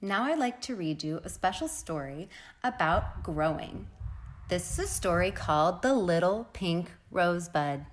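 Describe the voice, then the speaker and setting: A preschool teacher reads a storybook to small children in a gentle, expressive voice whose pitch rises and falls with energy. She sinks to a soft hush for the sound effects, and her pace is a little slow.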